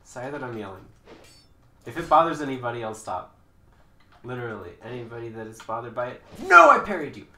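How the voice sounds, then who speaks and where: A man streaming a game from a couch, chatting and taunting opponents with sudden loud outbursts. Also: medium pitch, fast, long pauses, echoey room. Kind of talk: live gameplay chat. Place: indoors on a couch while house sitting.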